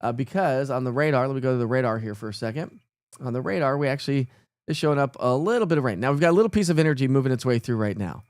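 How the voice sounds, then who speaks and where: A man's voice: mid-range voice, lively intonation, very fast, a little mellow, dry recording, studio quality. A middle-aged man, hosting a casual live weather stream and greeting viewers by name. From East Tennessee.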